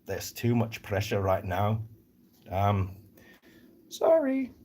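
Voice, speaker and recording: In an unhurried, low, darkish voice, a Northern Virginia man chats through a relaxed live stream on rescue animals. Jokey and rambling, he responds out loud to comments from viewers, with a US East Coast background.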